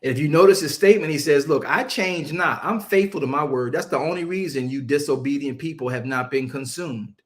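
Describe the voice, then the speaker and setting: A male preacher teaching a Bible-study sermon, emphatic and conversational, drawing answers from his listeners and slowing down to stress scripture. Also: a little high. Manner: casual Southern-leaning vernacular, mocking asides.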